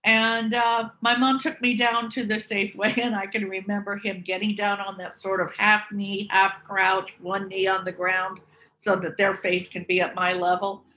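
A woman's voice: mid-range voice, level tone, moderate pace, pushed and bright, slight background noise. A woman candidly telling personal stories and reflecting on them as she goes. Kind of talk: personal storytelling.

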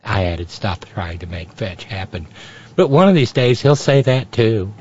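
A man's voice: fairly low pitch, animated, unhurried, darkish tone, slightly rough. A man hosting a sarcastic political commentary show, with mocking asides. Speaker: host. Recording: dry, dull lo-fi sound.

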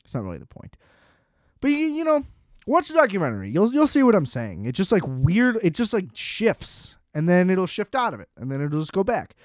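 A man's voice: high voice, huge pitch swings, a little fast, no room sound, studio quality. A young man hosting a solo podcast, ranting in a casual, profane, exasperated way and leaning on filler words. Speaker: podcast host.

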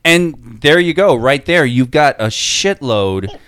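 Slow, bright-voiced, giggly man. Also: mid-range voice, expressive, no echo, clean studio sound. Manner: giggly, halting, with many fillers. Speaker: podcast co-host. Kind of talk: casual chat.

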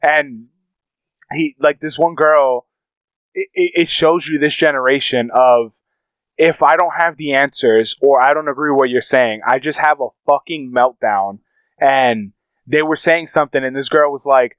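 A man's voice: fairly high pitch, normal speed, a bit bright, smooth, dry recording, highs cut off. A man co-hosting a podcast, talking in a casual, profane and rambling way, telling stories with animation. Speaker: podcast co-host. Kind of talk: casual chat.

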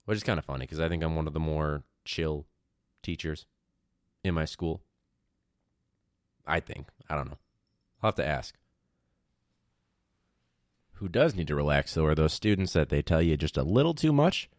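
A young man talks through his own podcast in a relaxed, rambling way, dropping slang and swearing as he jokes about his students. His voice sits very low. The sound is close and dry, with no room around it. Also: dry recording. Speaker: teacher and podcast host. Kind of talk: casual solo podcast chat.

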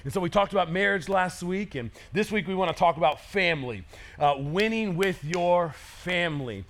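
A man in his thirties preaching a sermon as pastor, energetic and conversational, acting out quotes. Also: sits high, moderate pace.

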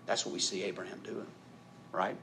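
A man preaching a sermon in an animated way, acting out quoted voices and rising to loud emphatic peaks. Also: lowish voice, a little fast, a little hiss or hum. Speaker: pastor.

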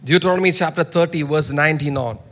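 A man preaching a sermon, reading scripture loudly and dropping to soft asides. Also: a little high, fast, in a large hall, slight background noise. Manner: emphatic, swings between soft asides and loud scripture reading.

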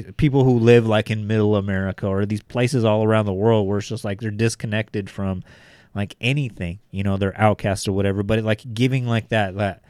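A rambling man with a fairly low voice, talking loosely about music as a podcast co-host. He keeps dropping "like" into his sentences and swears freely. The sound is dry and close. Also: a little mellow, no echo. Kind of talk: casual music discussion.

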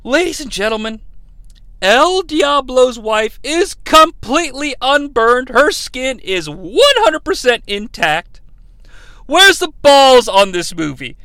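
A sarcastic man tears through a movie recap and jumps into mock voices for the characters. His voice sits high and sounds sharp and bright. The sound is dry and close, with no room around it. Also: sing-song, slow, clean tone, dry recording. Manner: sarcastic, acts out characters' lines. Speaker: comedy podcast host.

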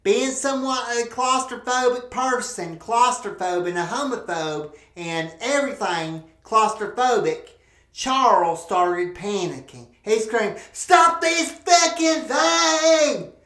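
A woman's voice: mid-range voice, a little slow, a bit bright. A woman hosting a podcast, telling a crude comic story full of swearing and rambling asides. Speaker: podcast host. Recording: roomy echo.

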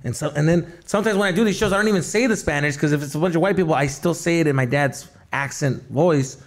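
A man, a stand-up comedian, chatting as a podcast guest in a loose, profane, slangy way. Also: on the high side. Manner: fast, profane, slangy storytelling. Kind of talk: casual podcast chat.

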